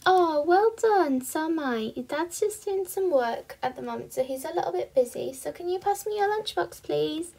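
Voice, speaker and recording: Woman as a gentle, coaxing mother; higher voice, toy role-play. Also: animated, moderate pace, creaky, hardly any pauses. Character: caring mother hurrying her daughter.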